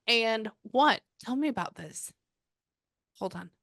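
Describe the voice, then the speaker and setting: A woman's voice: a little high, animated, slow pace, creaky, fairly bright tone, no echo, studio quality. A woman from Texas, working as a spiritual medium in a reading session over a video call. She talks in a chatty, rambling way and keeps breaking off to say "hold on.". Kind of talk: live reading session with a client.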